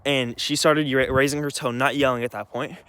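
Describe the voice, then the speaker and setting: A man's voice: mid-range voice, steady tone, brisk, fairly bright tone, clean tone. A young man telling a heated story to camera in an agitated, rambling way, with frequent restarts and swearing. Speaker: vlogger.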